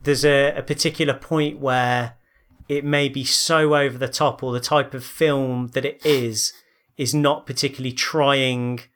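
A man's voice: medium pitch, flat delivery, measured pace, fairly bright tone. A man hosting a casual podcast, asking questions and teasing his co-host. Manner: asks questions, teases, reads out quotes. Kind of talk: casual chat.

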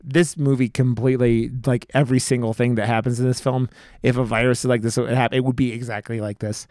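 A man co-hosting a podcast, chatting casually about a film in a rambling, profane, excitable way. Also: medium pitch, quick pace, no echo, studio quality. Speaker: podcast co-host. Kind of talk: casual film review chat.

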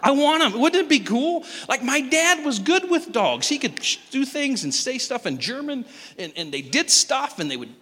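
Animated man preaching in a reverberant hall. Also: moderate pace. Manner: animated, joking storyteller with sudden pitch jumps. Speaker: pastor. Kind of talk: sermon.

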